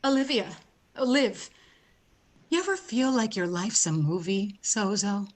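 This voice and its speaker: A woman's voice: medium pitch, expressive, unhurried, lightly acted. A woman reading the role of a shy but talkative young American woman who rambles and fights tears, over a video call. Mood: tearful chatter. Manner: chatty, rambling, tearful.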